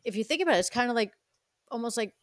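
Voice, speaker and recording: Animated woman podcast co-host. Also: fairly high pitch, racing, no room sound, clean studio sound. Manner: animated, acts out scenes with raised voice. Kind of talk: casual film discussion.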